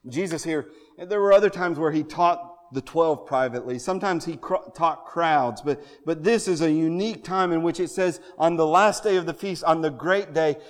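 High-voiced preacher in a reverberant hall. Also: male voice, moderate pace. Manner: swings from quiet pleading to loud fervent calls. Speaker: pastor. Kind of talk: sermon. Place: church sanctuary.

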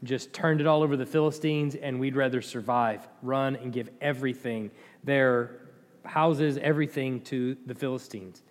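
A man's voice: mid-range voice, steady tone, moderate pace. A man teaching a Bible lesson in a conversational way, with restarts and dry asides. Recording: long hall reverb.

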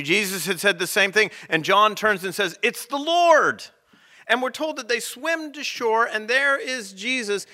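A man preaching a sermon as rector, telling stories with dramatic pauses. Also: high voice, pushed and bright.

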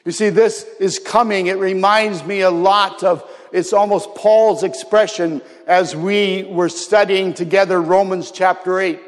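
A man with a high-pitched voice preaching a sermon. He is earnest, drops into soft, low asides, and rises to sudden shouts. A long reverb from a large hall trails behind his words. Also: fairly even intonation, a little slow, few pauses. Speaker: pastor.

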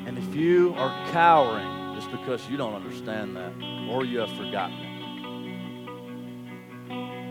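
A man in his thirties preaching a sermon, telling a family story and building to loud, fervent preaching. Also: medium pitch, unhurried, long pauses. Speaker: pastor. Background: guitar music.

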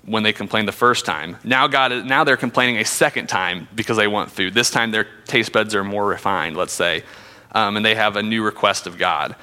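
Bright-voiced man teaching scripture. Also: lowish voice, smooth, in a large hall. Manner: conversational, with frequent fillers. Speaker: Bible teacher. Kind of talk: sermon with scripture reading.

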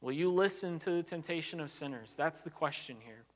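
A man's voice: on the high side, lively intonation, a little fast. A man preaching a sermon as pastor, earnest and conversational, often restarting phrases and saying "like". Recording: long hall reverb.

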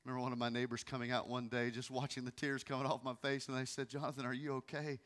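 A man in his thirties, a pastor preaching a sermon, moving from quiet, hushed passages to loud, pleading ones. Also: mid-range voice, level tone, fast, hardly any pauses. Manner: emotional, swings from hushed to loud.

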